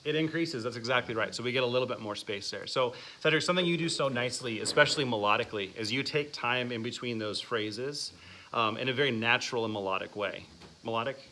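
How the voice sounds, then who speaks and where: A bright-voiced man leads a music masterclass, encouraging and full of questions for his students. He counts out exercises for the group. A little room noise sits behind him. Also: medium pitch, fast talker. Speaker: music teacher leading a masterclass. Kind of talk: classroom instruction.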